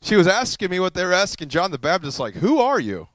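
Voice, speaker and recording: A male pastor telling a story in a sermon, animated and self-deprecating, acting out what others said to him. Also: high voice, fast talker, no room sound.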